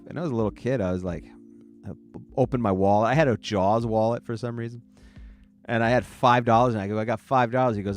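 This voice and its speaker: A man's voice: on the low side, fairly quick, faint music behind. A man in his forties from the New York area, hosting a podcast and telling stories from his childhood in a rambling way, with many restarts and frequent laughter. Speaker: podcast host. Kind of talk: casual storytelling.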